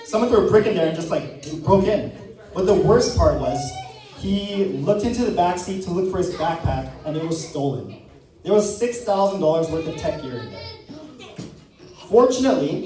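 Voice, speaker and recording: A man's voice: high voice, warm tone. A young man giving a casual testimony, retelling a story in a chatty way full of "like" fillers. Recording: very echoey hall from far off.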